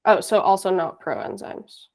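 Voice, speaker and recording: Gravelly hesitant female student. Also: medium pitch, lively intonation, measured pace, darkish tone. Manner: hesitant, searches for words. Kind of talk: asking questions in a tutoring session.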